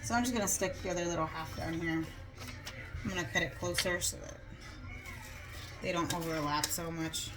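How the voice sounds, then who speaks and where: A woman's voice: lowish voice, steady tone, moderate pace, pauses often, music in the background. A woman vlogging casually in her home kitchen, chatty and rambling, a little out of breath and joking about herself. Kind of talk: casual chat.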